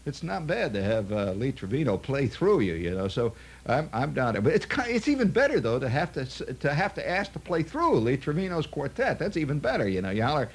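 A man's voice: mid-range voice, big pitch swings, fairly quick, few pauses, husky. A man telling a long, rambling anecdote in a chatty way, full of asides. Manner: chatty, full of "see" and "you know" asides. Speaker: storyteller.

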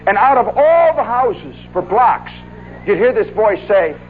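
A man telling a long story in an animated, folksy way, often adding "see" and "oh, yeah". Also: high-pitched, measured pace, narrow, tinny audio, soft background music. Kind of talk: spoken monologue recollection.

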